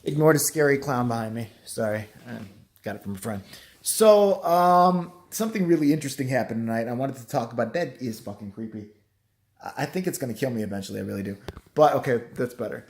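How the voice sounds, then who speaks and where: A hoarse man talks straight to his camera at home, his voice worn from yelling. He rambles through a profane, self-mocking apology. His pitch swings widely as he goes. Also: animated, brisk. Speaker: vlogger.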